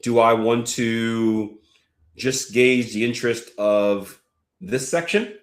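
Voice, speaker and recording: A trading coach, a man with a medium-pitched voice, speaks slowly in an echoey room as he teaches a live trading lesson conversationally, walking through charts and reading viewer comments aloud.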